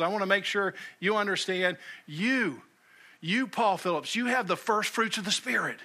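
A man preaching a sermon as pastor, emphatic, repeating key phrases and dropping to a hush for weight. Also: high-pitched, normal speed. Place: church sanctuary.

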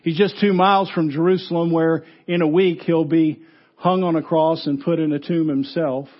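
A pastor preaching a funeral sermon, earnest, rising loud for emphasis and dropping low and soft. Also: male voice, steady tone, moderate pace, dull audio.

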